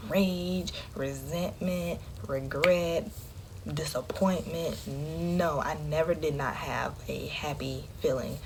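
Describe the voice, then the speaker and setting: Low-voiced woman sharing candidly. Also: fairly even intonation, slow, noisy background. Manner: candid, conversational, drops into a hush often. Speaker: vlogger. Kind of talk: personal storytelling to camera.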